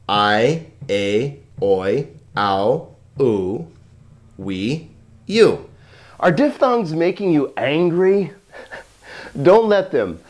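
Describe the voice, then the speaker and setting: Greek teacher, voice-over lesson, playful, lively up-and-down delivery, slow careful drills. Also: mid-range voice. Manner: playful, chuckles at own jokes; slow, deliberate word-by-word pronunciation drills. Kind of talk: video lesson on Greek pronunciation.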